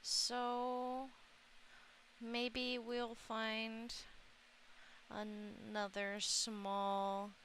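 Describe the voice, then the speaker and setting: A woman's voice: a little high, monotone, drawn-out words, pauses often, fairly bright tone, a little hiss or hum. A woman streamer chatting casually with viewers, giggling often and a little under the weather. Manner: giggly, often laughing, emotional. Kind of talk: casual live-stream chat.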